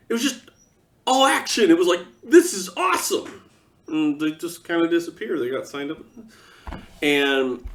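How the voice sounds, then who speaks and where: A man's voice: fairly high pitch, recorded from a distance. A man delivering an exasperated, sarcastic ranting monologue as a vlogger.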